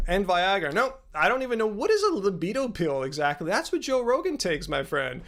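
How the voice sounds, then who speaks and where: A man's voice: high-pitched, a bit bright. A man in his fifties hosting a live stream Q&A, combative and sarcastic, talking to chat commenters by name and rambling with restarts. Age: 50s. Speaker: livestream host.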